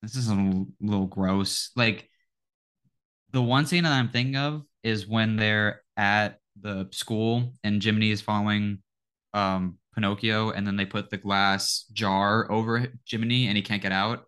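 A young man co-hosting a podcast, speaking in a fairly low voice. His talk is animated and loose, full of "like" and "you know" as he riffs on films and sports. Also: unhurried, clear, resonant tone. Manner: animated, lots of filler words, mimics film voices. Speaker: podcast co-host. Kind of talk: casual chat.

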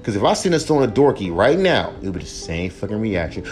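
A young man rants on his own podcast, swearing freely and hammering the same points over and over. His pitch swings widely as he heats up. Faint music plays under his voice. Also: big pitch swings, a little fast, few pauses. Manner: heated, profane, repetitive emphasis. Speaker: podcast host, rapper. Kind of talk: profane solo rant.

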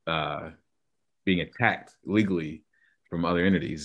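A man co-hosting a podcast in casual chat, argumentative and given to spelling out long theories. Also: deep voice. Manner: argumentative, lays out theories at length. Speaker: podcast co-host.

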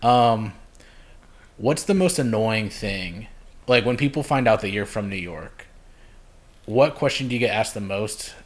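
A man's voice: on the low side, expressive, unhurried, long pauses. A man from Chicago hosting a casual podcast chat, laid-back and laughing often. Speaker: podcast host.

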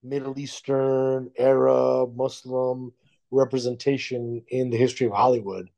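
A male comedian guest speaking in a measured, thoughtful way in casual discussion. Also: medium pitch, level tone, gravelly, warm tone.

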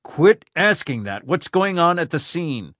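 A man's voice: mid-range voice, expressive, a little fast, a bit bright, no room sound, clean studio sound. A man voicing a commanding, impatient middle-aged male detective who barks demands and swears. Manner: barking, demanding, profane.

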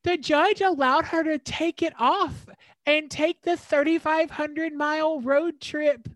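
A woman's voice: high voice, fairly bright tone, dry recording. A woman co-hosting a podcast, recounting a case in casual chat with frequent fillers. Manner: storytelling with many fillers and restarts. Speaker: podcast co-host.

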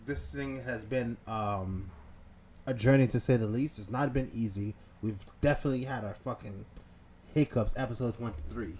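A young man co-hosting a podcast in casual chat, relaxed and slangy, swearing freely. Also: mid-range voice, moderate pace, a crowd in the background. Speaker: podcast co-host.

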